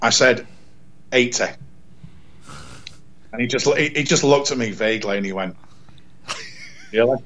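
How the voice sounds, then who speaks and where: A man's voice: mid-range voice, a little slow, pauses often, a bit bright, dull audio. Rambling English man telling a story. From England. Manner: rambling, repeats words, acts out quoted dialogue. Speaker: radio presenter, podcast guest. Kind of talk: animated storytelling in casual chat.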